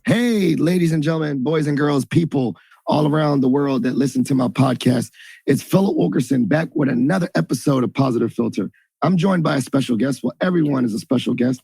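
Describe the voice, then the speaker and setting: A man's voice: medium pitch, a little fast, creaky, warm tone, breathy edge, no echo. A man hosting a podcast, chatting loosely and joking as he introduces his guest. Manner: chatty, jokey, loose and rambling. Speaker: podcast host. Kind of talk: casual interview chat.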